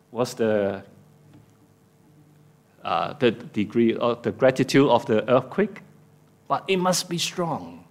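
A man's voice: sing-song, a little slow, pauses often. A man preaching a sermon, acting out biblical dialogue with rising, emotional delivery and slightly non-native English phrasing. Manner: acts out biblical speeches with rising emotional pitch.

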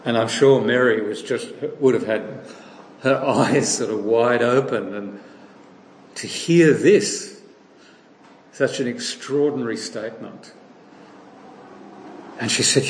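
A man preaching a sermon, retelling a story in a lively way and acting out the voices he quotes. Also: medium pitch, slow, pauses often, roomy sound, slight background noise, low-quality recording.

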